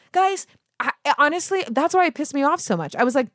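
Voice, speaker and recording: A woman's voice: high-pitched, brisk, dry recording, clean studio sound. Rambling, foul-mouthed woman singing teacher. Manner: rambling, profane, easily sidetracked; animated, self-mocking asides. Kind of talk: casual vlog monologue.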